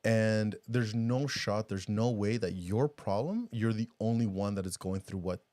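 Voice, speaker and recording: A man co-hosting a podcast in casual chat, animated and rambling, laughing often and restarting his sentences. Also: lowish voice, a little slow, no echo. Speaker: podcast co-host.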